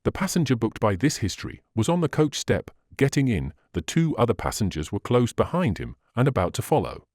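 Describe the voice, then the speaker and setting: A man narrating a classic novel as an audiobook, in a measured, expressive reading. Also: mid-range voice, no echo, clean studio sound.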